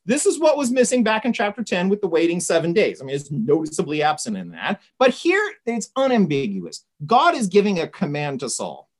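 Animated woman teaching Bible study. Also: medium pitch, fairly quick, few pauses. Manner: conversational, retelling with asides.

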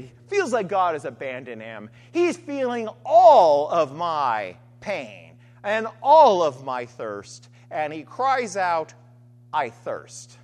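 Lady preacher giving a sermon, voice swoops way up and down, lots of repeated lines and questions, big hall echo. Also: fairly low pitch. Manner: repetitive rhetorical questions and refrains. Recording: long hall reverb.

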